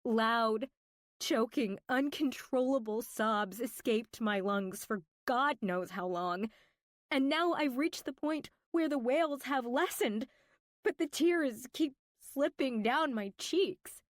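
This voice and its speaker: A woman's voice: fairly high pitch, lively intonation, slow, no room sound. A woman narrates a romance audiobook in the first person, taking her time over every line. Her delivery is intimate and emotional, slipping into whispers. The recording is close and dry, with no room around her.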